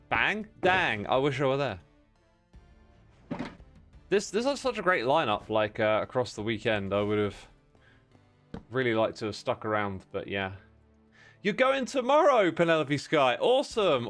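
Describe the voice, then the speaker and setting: A man with a hoarse voice chatting casually to his livestream chat while building in a game, rambling and greeting viewers by name. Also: mid-range voice, a bit bright. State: hoarse from festival screaming.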